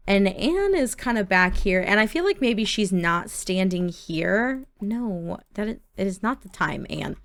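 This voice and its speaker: Woman, gaming host, casual gameplay narration, chatty, slow, smooth voice. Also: mid-range voice, expressive. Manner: chatty, reacts aloud, speaks softly.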